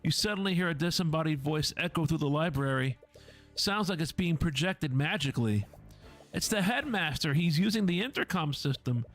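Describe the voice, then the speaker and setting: A man's voice: fairly high pitch, moderate pace, soft background music. Man reading a visual novel aloud. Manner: lively, voices each character, adds asides. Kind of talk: dramatic read-through of a game.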